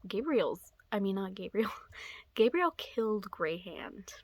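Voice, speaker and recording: Slow, rambling young woman vlogger. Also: mid-range voice, sing-song, a little mellow, no echo. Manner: rambling, drops into whispered asides. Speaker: book vlogger. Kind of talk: casual book-review chat.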